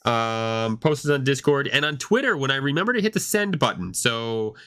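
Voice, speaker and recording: With lively intonation at a normal speed, this man's medium-pitched voice sounds a bit bright and clean, though hoarse from a cough he's fighting. He co-hosts a gaming podcast, chatting casually and often starting over mid-thought.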